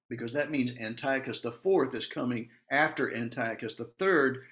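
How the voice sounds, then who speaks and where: Chatty, animated male Bible teacher. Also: medium pitch, normal speed. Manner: chatty, with asides and laughs; animated, acts out quotes.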